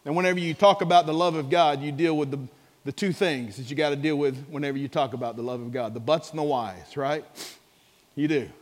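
High-voiced pastor preaching in a reverberant hall. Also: male voice, fairly quick. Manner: swings between soft low asides and shouted high exclamations; calls for audience response. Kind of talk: sermon.

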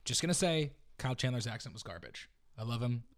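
A man in a casual podcast conversation with a mid-range voice. He talks in an animated, opinionated way and jokes easily. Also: mid-range voice. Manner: animated, opinionated, quick to joke. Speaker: podcast co-host. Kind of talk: casual chat.

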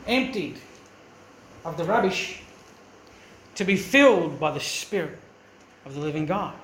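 A man's voice: on the high side, lively intonation, a little slow, a bit bright, echoey room, a little hiss or hum. A man preaching a sermon as pastor, earnest and emphatic, often asking the congregation questions. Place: church.

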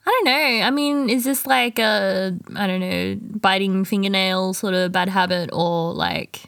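A woman's voice: mid-range voice, a little slow, vocal fry, fairly bright tone, dry recording, studio quality. A young adult woman co-hosting a podcast in casual chat, rambling with many fillers and trailing off. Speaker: podcast co-host.

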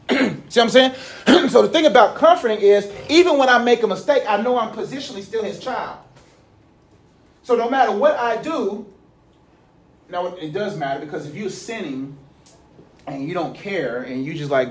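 A young male pastor preaches a sermon at a brisk pace, keeping it conversational and telling stories laced with slang. He swings between loud passages and low, quiet ones.

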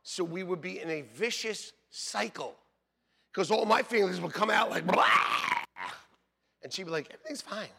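A man preaching a sermon, loud and animated, telling jokey stories about his marriage and calling out for amens from the congregation. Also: high voice, normal speed, creaky, slightly rough. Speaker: pastor. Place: church sanctuary.

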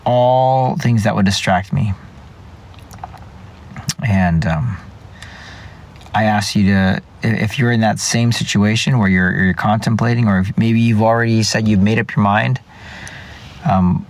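A man speaking earnestly in a personal faith reflection, often repeating and restarting his phrases. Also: on the low side. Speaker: vlogger.

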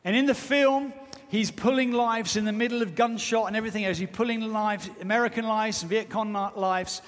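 High-voiced guy preaching hard, earnest, big echoey hall. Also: fairly even intonation, normal speed. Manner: fervent, earnest, rising to loud exhortation. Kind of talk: sermon. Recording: long hall reverb.

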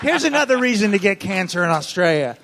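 A man's voice: sits high, big pitch swings, fast talker, crowd noise. A man telling stories in a casual comedic chat, swearing freely and laughing often.

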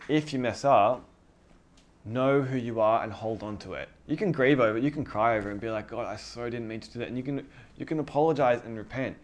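A man's voice: medium pitch, a little fast. A man preaching a sermon in a casual, conversational way, often acting out dialogue. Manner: conversational, animated, acts out dialogue.

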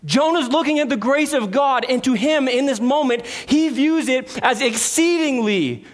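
A male pastor giving an earnest expository sermon, stressing key words and sometimes dropping to a quiet voice. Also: very high voice, normal speed. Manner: earnest, emphatic preaching with sudden drops to quiet.

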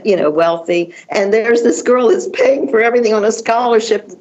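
An older woman, a fashion designer appearing as a guest, who tells animated stories and often restarts her sentences. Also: a little high, normal speed, dull audio. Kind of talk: conversational storytelling.

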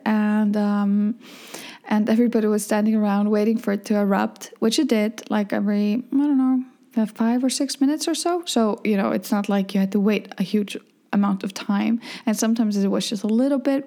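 A woman's voice: mid-range voice, warm tone. A middle-aged woman with an Icelandic accent, chatting frankly and jokily, rambling with many fillers. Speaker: vlogger. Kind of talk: casual chat.

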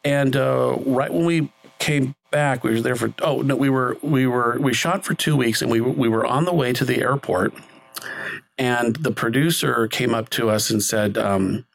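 A middle-aged man with a gravelly, creaky voice tells a film-set story in an interview. He rambles loosely, full of fillers and restarts. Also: medium pitch, moderate pace, poor audio. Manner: rambling, with many fillers and self-corrections. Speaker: film director guest. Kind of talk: conversational storytelling.

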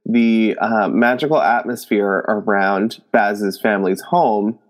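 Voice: medium pitch, takes it slowly. A podcast co-host recapping a book in a loose, casual way, often unsure and checking details with the other host.

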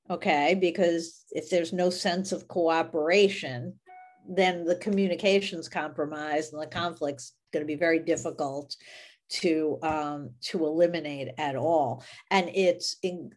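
A woman's voice: lowish voice, slow. A woman co-hosting a podcast, speaking emphatically and piling up examples with fillers along the way. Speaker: podcast co-host. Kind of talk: conversational podcast chat.

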